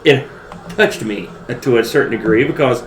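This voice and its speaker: A man's voice: medium pitch, normal speed. A man co-hosting a podcast in casual chat, joking and rambling. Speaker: podcast co-host. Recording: roomy with faint background noise.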